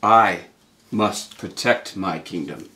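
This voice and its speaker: A man reading a stiff, low king. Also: takes it slowly, pushed and bright, exaggerated voice. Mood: stern. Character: stiff, dutiful male king.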